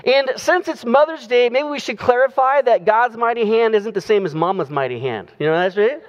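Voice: mid-range voice, lively intonation, moderate pace, in a large hall, dull audio. A pastor preaching a sermon in a conversational way, drawing out key phrases, recorded in a church sanctuary.

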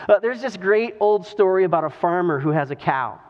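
A man's voice: high-pitched, lively intonation. Earnest male pastor in a reverberant hall. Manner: earnest storytelling with drawn-out emphasis. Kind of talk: sermon. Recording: dull recording with long hall reverb.

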